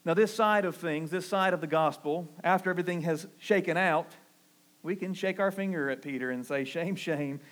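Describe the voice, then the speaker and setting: A pastor from the American South preaches earnestly at a fairly quick pace, his voice a little high for a man. He rises emphatically on key phrases, then drops low and soft for quotes and quiet asides.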